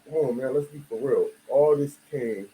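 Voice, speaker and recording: A man's voice: medium pitch, normal speed, warm tone, a little hiss or hum, low-quality recording. A man from the United States giving a casual, emphatic monologue full of slang and "you feel me" asides. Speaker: video commentator.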